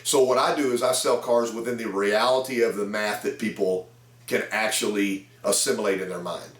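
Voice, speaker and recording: A man's voice: on the low side, fairly even intonation, moderate pace, far from the mic. A man in his fifties, a sales trainer, telling folksy anecdotes about selling cars, talking to camera. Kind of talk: storytelling talk to camera. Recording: echoey room.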